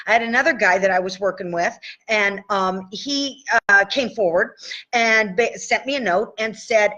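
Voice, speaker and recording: A woman's voice: medium pitch, lively intonation, moderate pace, pushed and bright, highs cut off. A woman coaching tapping in a casual live stream, chatty and checking in with "okay?" after each point. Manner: chatty, says "okay?" often.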